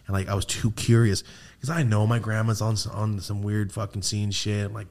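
A man hosting a podcast, telling ghost stories in casual chat, with heavy swearing and animated delivery. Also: on the low side, quick pace. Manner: profane, animated storytelling. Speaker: podcast host.

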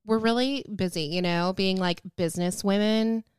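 A woman's voice: medium pitch, fairly even intonation, normal speed, clear, resonant tone, no echo. A woman co-hosting a casual chat podcast, chatty and giggly with lots of fillers. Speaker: podcast co-host.

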